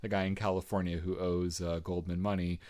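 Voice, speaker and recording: A man's voice: deep voice, little pitch movement, brisk, darkish tone. A man co-hosting a podcast in casual chat, talkative and laughing often as he trails off and restarts. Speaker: podcast co-host.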